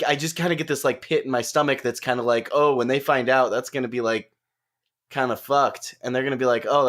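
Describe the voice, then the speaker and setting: A man of middle pitch speaks on a casual podcast. He is hesitant, often restarts, and circles back to the same point while he thinks aloud. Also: a bit bright. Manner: hesitant, searching for words, repeats himself. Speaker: podcast co-host. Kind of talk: casual chat.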